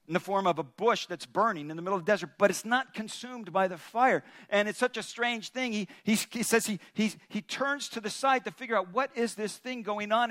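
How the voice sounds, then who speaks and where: A male pastor preaching a sermon, retelling a story in an animated way with chuckles. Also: high-pitched.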